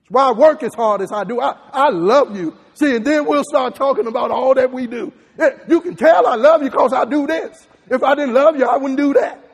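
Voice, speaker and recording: A man preaching a sermon as pastor, animated and laughing often, leading the congregation in repeating phrases. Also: very high voice, fairly quick, vocal fry, few pauses, slightly rough, in a large hall. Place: church.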